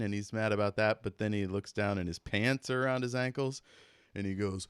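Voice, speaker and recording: A man's voice: on the low side, fairly even intonation, normal speed, fairly bright tone, clean tone, dry recording, studio quality. A man narrating as keeper of a tabletop game, laid-back and rambling with fillers.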